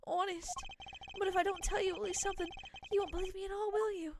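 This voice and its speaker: A woman's voice: extremely high pitch, fairly even intonation, quick pace, background noise, voice pushed up. A woman voicing a posh, earnest young man from a video game who pleads to be believed. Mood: pleading.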